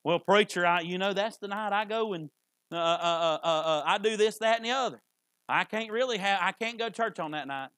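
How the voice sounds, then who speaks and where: Man playing a hemming churchgoer full of excuses, high bright voice. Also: brisk, no room sound. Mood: whiny. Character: whiny excuse-making male churchgoer.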